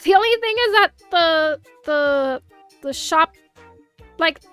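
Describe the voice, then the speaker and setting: A young woman with a Miami Hispanic accent, chatting casually on a livestream, animated and swearing freely as she answers chat. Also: very high-pitched, slow pace, soft background music. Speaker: VTuber streamer.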